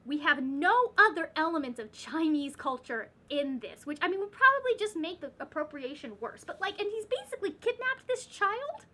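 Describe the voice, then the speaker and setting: A woman's voice: very high voice, very animated, fairly quick, hardly any pauses, bright, forceful tone. A woman chatting casually as a book vlogger at home, rambling and ranting with lots of fillers and restarts. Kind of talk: casual reading vlog chat.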